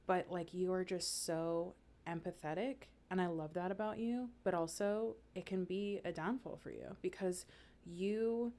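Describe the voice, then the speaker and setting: A woman's voice: fairly low pitch, a little slow, dark tone. Give me a chatty, reassuring woman in her thirties co-hosting a casual podcast. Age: 30s. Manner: chatty, reassuring, laughs often, lots of "like". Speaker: podcast co-host, color guard director. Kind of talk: casual chat.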